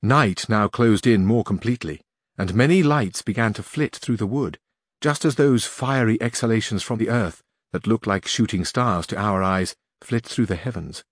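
A man narrating a classic novel as an audiobook in a measured, expressive storytelling manner. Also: fairly low pitch, breathy edge, dry recording, studio quality.

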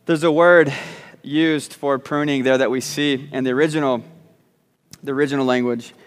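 A man's voice: medium pitch, steady tone, moderate pace, clear, resonant tone, in a large hall. A man preaching a sermon, repeating words as he starts sentences and slipping in joking asides. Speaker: pastor. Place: church sanctuary.

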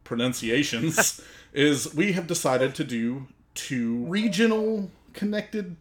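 A man's voice: a little high, expressive, slow. A man co-hosting a podcast, correcting his friends and explaining the show in plain terms. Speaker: podcast co-host. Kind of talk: casual chat.

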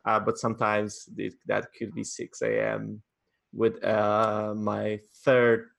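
A man, chatting casually as an interview guest from his home office, halting often with fillers and restarts. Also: on the low side, completely flat delivery, vocal fry. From Poland. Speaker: guest, wedding photographer.

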